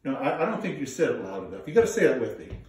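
A man telling a folk tale in an animated, drawn-out way, coaxing listeners to join in, heard in an echoey room from a distance. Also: mid-range voice. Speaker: storyteller. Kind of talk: live folk storytelling with audience participation.

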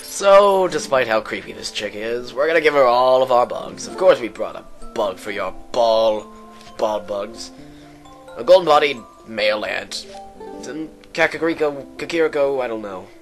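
A man's voice: medium pitch, animated, moderate pace, soft background music. A man giving rambling, sarcastic commentary while playing a video game. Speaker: let's player. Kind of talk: joking gameplay commentary.

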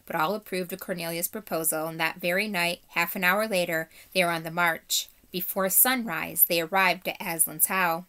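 A woman's voice: steady tone, moderate pace, hardly any pauses, bright, forceful tone, clear, resonant tone. A woman teacher reading a children's novel aloud, lifting her voice a little for the characters. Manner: voices characters with small pitch lifts. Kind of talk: storybook read-aloud for children.

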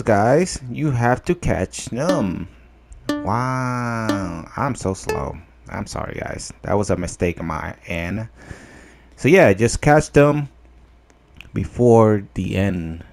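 A young man giving casual gameplay commentary, excitable, laughing often and yelping in disbelief. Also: medium pitch, gravelly. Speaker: gameplay video host.

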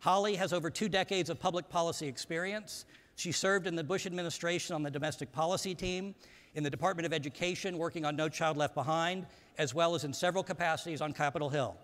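A man's voice: on the high side, steady tone, fairly bright tone. Man giving a formal speech in a hall. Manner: formal, measured delivery. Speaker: conference speaker introducing a panel. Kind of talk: prepared speech from a stage. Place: large conference hall. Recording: reverberant hall.

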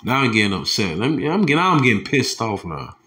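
A heated male preacher, who reads scripture in a low, slow voice and then breaks into angry, mocking street talk. He curses freely and scoffs as he preaches. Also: big pitch swings, sharp tone. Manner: heated, profane, mocking, drops to low tones reading verses. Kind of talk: scripture commentary with angry asides.

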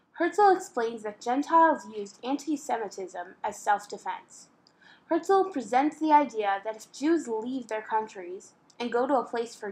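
A woman's voice: fairly high pitch, slight background noise, rough recording. A woman narrating a school history project in an earnest, read-aloud way.

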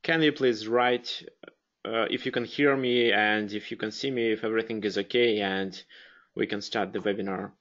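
A man with a Russian accent hosts a live webinar in a fairly low, slightly bright voice, speaking flatly and fairly quickly. He hesitates, using many fillers and restarting sentences, and the audio has its highs cut off.

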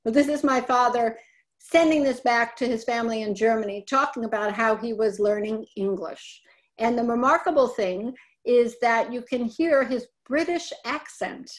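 High-voiced woman giving a webinar talk. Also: moderate pace. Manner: conversational, often correcting herself. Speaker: presenter. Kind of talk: webinar talk on family papers.

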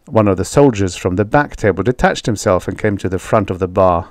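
Scripted story narration comes from a low-voiced man reading an audiobook, his storytelling measured and even. The studio sound is clean, without any echo.

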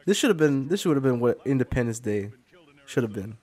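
A man's voice: mid-range voice, lively intonation, a little fast, darkish tone. A young man chatting crudely and playfully, swearing often while playing a co-op game. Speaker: gamer. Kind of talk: casual co-op gameplay chat.

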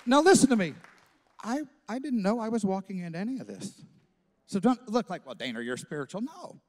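A man, a pastor, telling a story in a sermon, acting out the voices and swinging from loud to hushed. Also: sits high, animated, moderate pace, some chatter behind. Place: church stage.

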